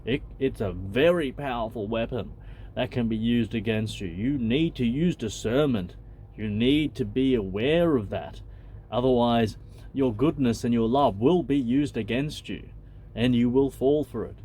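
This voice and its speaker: A man's voice: mid-range voice, measured pace, mellow, husky. A man, a channel host who reads a spiritual text aloud and comments on it in a blunt, loose and conversational way, swearing freely.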